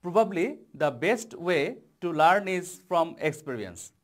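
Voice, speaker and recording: A man with a Bangladeshi accent teaching an English lesson, explaining slowly and leaning hard on key words. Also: fairly high pitch, very animated. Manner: slow, deliberate explaining with stressed key words. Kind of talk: televised classroom lesson.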